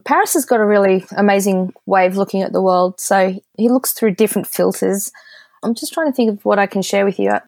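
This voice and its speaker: A woman's voice: mid-range voice, brisk, dry recording. Candid Australian woman telling stories. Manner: lively storyteller, candid and direct. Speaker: guest copywriter. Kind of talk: casual podcast interview.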